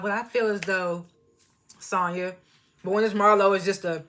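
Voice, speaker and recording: A woman's voice: mid-range voice, steady tone, moderate pace, long pauses, a bit bright. A woman giving a casual, rambling recap of a reality show, loose and slangy, often laughing at herself. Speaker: TV show reviewer. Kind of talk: casual chatty recap commentary.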